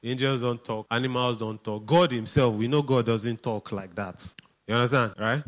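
A man's voice: mid-range voice, moderate pace. A man preaching a sermon in a conversational way, often asking the congregation questions.

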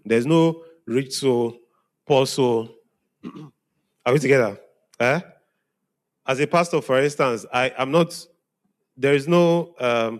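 Male pastor, conversational sermon delivery, mid-range voice, frequent check-ins with listeners. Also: medium pitch. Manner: conversational preaching, often asking "are we together?". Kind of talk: sermon to young congregation.

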